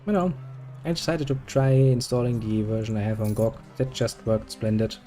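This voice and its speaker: Mellow-voiced man rambling over gameplay. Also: medium pitch, steady tone, moderate pace, soft background music. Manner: rambling, joking, swears freely. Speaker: gaming video host. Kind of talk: casual gameplay commentary.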